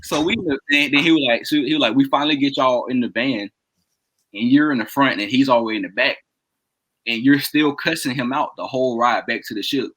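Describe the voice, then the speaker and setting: Here a podcast co-host with a mid-range voice and a fairly quick delivery, heard on a rough recording, casually narrates a lengthy tale to his friends. He's animated, laughs a lot, and acts out people's quoted lines.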